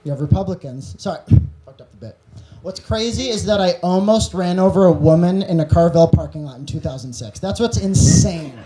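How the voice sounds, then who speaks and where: A man's voice: high-pitched, brisk, few pauses, warm tone. A male stand-up comedian on stage, rambling through absurd bits and laughing at his own jokes.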